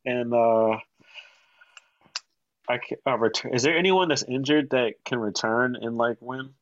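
A man's voice: medium pitch, a little slow, dry recording. A man in casual chat about wrestling picks, joking and using slang. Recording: dull, lo-fi dry sound.

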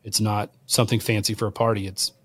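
Low-voiced man telling a story. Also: fast talker, slightly rough. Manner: animated storyteller, acts out voices in quotes. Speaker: wild game chef and guest. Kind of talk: storytelling in conversation.

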